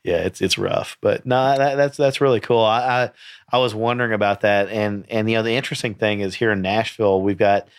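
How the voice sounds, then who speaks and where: A man's voice: on the low side, steady tone, a little fast, clear, resonant tone, no room sound, clean studio sound. A man co-hosting a podcast in casual chat, chiming in with short agreements and wry jokes. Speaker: podcast co-host. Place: Nashville.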